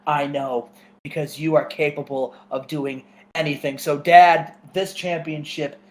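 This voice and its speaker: A man putting on a proud, earnest masked wrestling champion, pitched well above his own speaking voice. He delivers a heartfelt victory promo in a raised, earnest tone, as in a gameplay video. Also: fairly even intonation, unhurried, natural voice.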